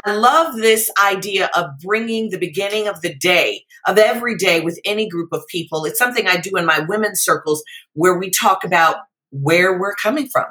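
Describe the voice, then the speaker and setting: Podcast host, woman, bright forceful voice, deliberate and emphatic. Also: mid-range voice. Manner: slow, emphatic, repeats words. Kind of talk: casual conversation.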